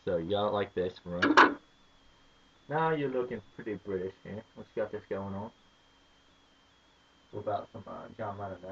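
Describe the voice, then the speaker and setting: A man's voice: lowish voice, moderate pace, pauses often, muffled recording, a little hiss or hum. An American man in a joking home vlog, talking in a mock-serious, rambling way. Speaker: vlogger.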